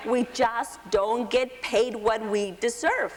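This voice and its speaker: A woman's voice: on the high side, slow, a little hiss or hum. A woman speaking on a panel at a public forum, talking with passion and emphasis and often checking in with "okay?". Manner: impassioned, emphatic, frequent "okay?". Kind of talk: panel discussion. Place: lecture hall forum.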